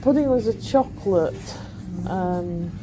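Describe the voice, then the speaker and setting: A woman's voice: medium pitch, lively intonation, slow, music in the background. A woman chatting casually in a hotel room, complaining as she tells a long story about a bad stay. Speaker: reviewer. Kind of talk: casual chat.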